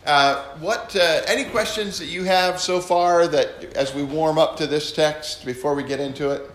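A man teaching a sermon to a congregation, animated, acting out readings in different tones. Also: a little high, moderate pace, slight background noise. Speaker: pastor. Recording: echoey room.

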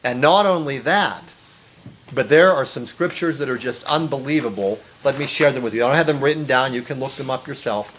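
A man's voice: mid-range voice, a little fast, fairly bright tone, slight background noise. A man preaching an earnest sermon, stressing phrases, repeating words and rising to exclamations. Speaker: pastor.

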